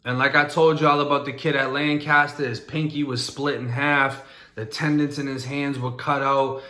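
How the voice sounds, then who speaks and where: A man's voice: mid-range voice, flat delivery, moderate pace, sharp tone, reverberant. A young man bluntly telling his own prison story in a casual, streetwise way. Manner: blunt, streetwise, matter-of-fact.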